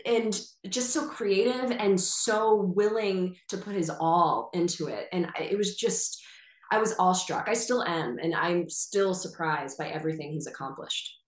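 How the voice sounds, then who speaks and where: A woman guest on a podcast interview, telling stories with eager, animated enthusiasm. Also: fairly low pitch, a little slow, roomy sound. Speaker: actress guest.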